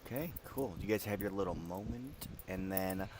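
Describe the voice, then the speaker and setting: A man's voice: low voice, moderate pace, darkish tone. A young man narrating as game master of a tabletop game, talking loosely with plenty of fillers.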